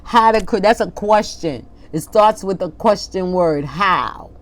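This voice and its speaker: A woman preaching an informal, impassioned sermon, reading scripture slowly and then arguing with an imagined congregation. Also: mid-range voice. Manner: impassioned, talks back to an imagined congregation, laughs at herself; reads scripture slowly and deliberately.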